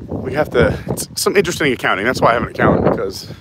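A man's voice: mid-range voice, animated, very fast, very noisy. A man hosting a live stream while walking outdoors, chatting casually, reading viewer comments and laughing often. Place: outdoors in a theme park, walking.

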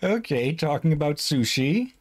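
A man's voice: fairly high pitch, very animated, moderate pace. A man casually commenting while streaming a game, rambling and self-deprecating, often restarting his sentences. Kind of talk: casual let's-play commentary.

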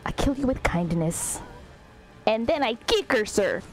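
A woman's voice: a little high, very animated, unhurried, soft background music, rough recording. A woman streaming a video game, commenting sarcastically and laughing as she talks back to the characters. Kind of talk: live gameplay commentary.

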